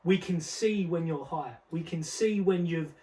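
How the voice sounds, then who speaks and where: A man's voice: fairly high pitch, measured pace, dark tone, distant mic, low-quality recording. A young man, talking in a casual podcast discussion, emphatic and full of street slang, often repeating words as he builds his point. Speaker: podcast co-host.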